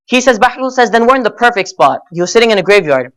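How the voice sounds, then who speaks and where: A young man preaches at a Muharram gathering in a high, sing-song voice that moves quickly and sounds a bit bright. He is earnest and direct, addressing the crowd as brothers and sisters and dropping "you know" often while telling a story.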